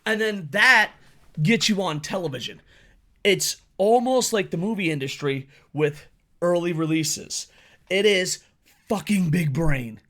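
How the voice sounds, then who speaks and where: A man's voice: fairly high pitch, lively intonation, measured pace. A man giving a blunt, profanity-heavy solo opinion rant as a wrestling commentary YouTuber.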